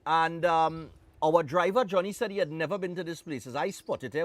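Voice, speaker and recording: A man's voice: fairly high pitch, normal speed, a bit bright. A man with a Trinidadian accent, hosting a live morning TV show in a chatty, joking way with loose Caribbean phrasing. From Trinidad and Tobago. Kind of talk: casual on-air chat.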